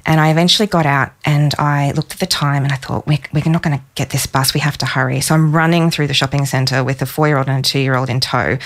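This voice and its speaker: A woman in her thirties, a psychologist guest on a podcast, telling a personal story warmly and with emotion. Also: extremely low pitch, fairly even intonation, fast, few pauses. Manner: warm storytelling, emotional in places.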